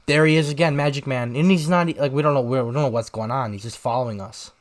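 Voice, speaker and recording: A young man co-hosting a podcast, telling a rambling story in casual chat and shouting out the lines he quotes. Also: medium pitch, quick pace. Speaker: podcast co-host.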